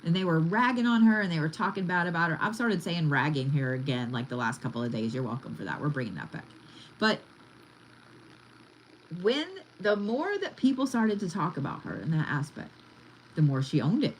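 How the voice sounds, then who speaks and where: A woman's voice: low-pitched, lively intonation, fairly quick, a little hiss or hum, low-quality recording. A woman giving a casual card reading, chatty and blunt, swearing freely as she talks. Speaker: tarot reader.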